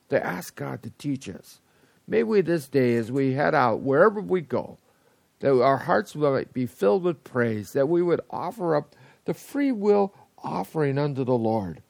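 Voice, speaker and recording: A man preaches a devotional in an earnest, halting way, stopping to restart phrases and slipping into short prayers. His voice is mellow and gravelly. The sound is dry and close, with no room around it. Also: medium pitch, dry recording. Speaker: pastor. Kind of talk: devotional sermon.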